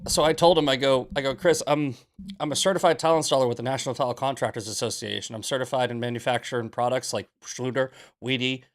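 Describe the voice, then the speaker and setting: A man hosting a casual talk show, rambling and animated as he acts out his own arguments. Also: mid-range voice, creaky. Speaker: host.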